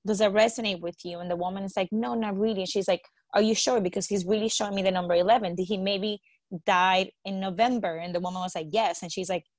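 Casting: woman, chatty storyteller, mid pitch, dry close mic. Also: fast, dry recording. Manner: animated storyteller, quotes others, swears, laughs. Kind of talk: casual storytelling chat.

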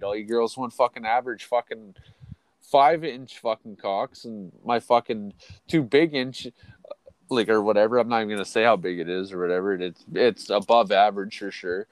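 A man's voice: fairly low pitch, fairly quick, no echo. Profane middle-aged man, dry close sound. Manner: crude, profane, rambling storytelling. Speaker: podcast host. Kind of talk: casual chat.

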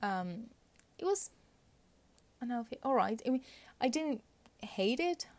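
A woman's voice: a little high, big pitch swings, takes it slowly, no room sound. A woman giving casual, opinionated commentary on royal fashion, chatty with frequent fillers and little laughs.

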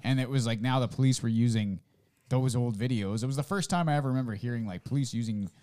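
A man's voice: medium pitch, fast talker, dark tone, clean tone. A man in casual podcast chat, telling rambling stories and swearing freely.

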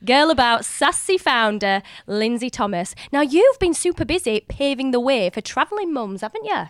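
A woman's voice: high-pitched, big pitch swings, normal speed, dry recording, clean studio sound. A woman hosting a podcast, chatty and bubbly, laughing often as she introduces guests. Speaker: podcast host. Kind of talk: casual chat podcast.

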